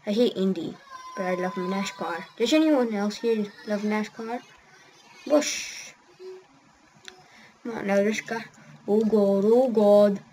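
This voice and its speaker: A woman giving rambling, excitable commentary while playing a racing game, often yelling at what happens on screen. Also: medium pitch, slow pace, long pauses, a little hiss or hum. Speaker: gamer. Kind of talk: gameplay commentary.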